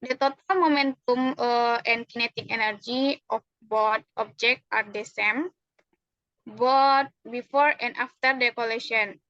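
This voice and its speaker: Speaking with an Indonesian accent, a young woman plays physics teacher, walking through formulas carefully and hesitating often. Her voice is a little high and a bit bright, with fairly even intonation and a measured pace. The sound is dry, dull, and lo-fi.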